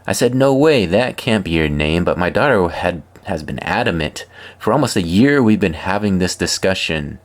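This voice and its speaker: Casting note: low-voiced male host, reads viewer posts for laughs, dry deadpan asides. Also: moderate pace. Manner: wry deadpan asides between readings. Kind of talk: comedic reading of social media posts.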